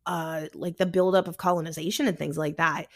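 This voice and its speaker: A woman guest on a podcast, a paranormal investigator chatting casually in an animated way, swearing freely and acting out what others say. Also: low-pitched, brisk.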